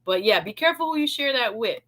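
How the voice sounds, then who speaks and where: Playful and full of laughter, a Jamaican woman running a live online talk show welcomes viewers and calls out names from the chat. She talks fast in a fairly high-pitched voice.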